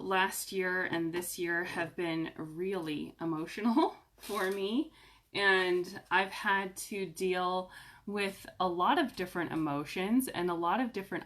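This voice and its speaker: Chatty upbeat woman vlogger, lowish voice. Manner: chatty, upbeat, lively pitch swings with filler ums. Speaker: essential oils vlogger. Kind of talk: casual talk to camera.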